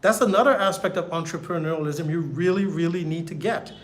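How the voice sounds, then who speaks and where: A middle-aged man mentoring on business in a motivational talk. His voice sits a little high for a man, and he hammers his points home by repeating them. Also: fairly quick. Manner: emphatic, repeats key phrases for effect.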